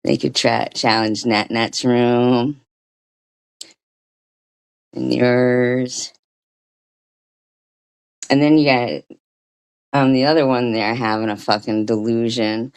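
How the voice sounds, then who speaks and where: A woman's voice: rumbling low, fairly even intonation, slow, long pauses, clean tone. A woman hosting a livestream, ranting casually and profanely with frequent restarts. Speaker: livestream host.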